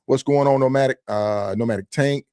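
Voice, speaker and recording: A man's voice: mid-range voice, normal speed, mellow, clean tone, no echo, studio quality. A man hosting a podcast, talking in an upbeat, casual way and calling out viewers by name. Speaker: podcast host.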